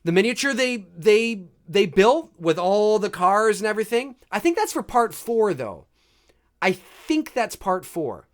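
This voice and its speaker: A man talks over a movie in loose, joking commentary, laughing and tossing in mock lines from the scenes. His voice sits high and swings widely up and down as he reacts. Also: sing-song, measured pace. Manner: chatty, jokey, reacting with laughs and mock quotes. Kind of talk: casual live movie commentary.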